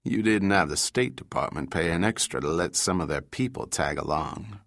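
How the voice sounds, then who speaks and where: A man doing a deep, deadpan tough operative. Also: moderate pace, creaky, dry recording, studio quality, full character voice. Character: tough male operative, calm and dry-humored.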